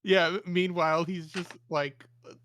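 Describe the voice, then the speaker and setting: A man playing a tabletop game, describing his character in halting speech full of "uh"s. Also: high voice, flat delivery, a bit bright, a little hiss or hum. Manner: halting, heavy use of "uh". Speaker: player.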